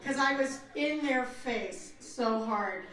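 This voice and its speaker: Joking actress in an echoey panel room. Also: female voice, high voice, slow pace, far from the mic. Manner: jokey, animated storyteller, acts out voices. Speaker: voice actor, panel guest. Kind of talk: convention panel Q&A.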